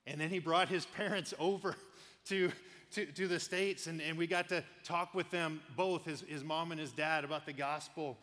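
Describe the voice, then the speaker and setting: A man preaching a sermon, telling animated personal stories and laughing often. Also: a little high, normal speed, long reverb tail. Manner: animated storyteller, laughs often, quotes people. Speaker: pastor.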